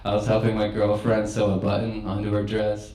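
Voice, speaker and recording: A man's voice: lowish voice, completely flat delivery, a little fast, mellow. A young man performing a stand-up set in a comedy club, crude and conversational, laughing at his own jokes. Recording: echoey club room.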